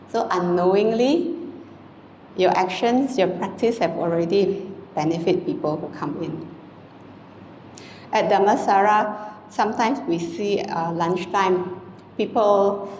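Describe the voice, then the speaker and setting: A Buddhist nun, giving an informal, conversational dhamma talk to a congregation, often adding "you know" and "ah". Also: female voice, mid-range voice, a little hiss or hum. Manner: conversational and gentle, frequent "you know" and "ah" tags. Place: temple hall. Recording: echoey hall with long reverb, faint ambience.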